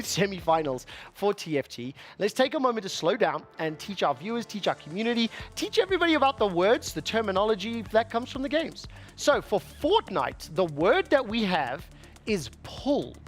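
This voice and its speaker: A man hosting an esports broadcast desk, playful and excitable, often laughing with his co-hosts. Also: high voice, a little fast, soft background music. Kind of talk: live esports desk chat.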